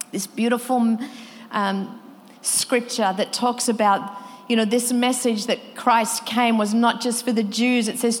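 A woman gives a devotional talk to women in an earnest, reflective way, now and then turning to quiet prayer. She speaks slowly, and a long hall reverb trails after her words. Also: fairly high pitch.

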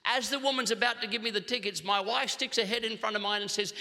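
A middle-aged Australian man preaching a sermon, telling funny stories with quick restarts. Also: high-pitched. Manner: animated humorous storytelling with quick restarts. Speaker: pastor. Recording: long hall reverb.

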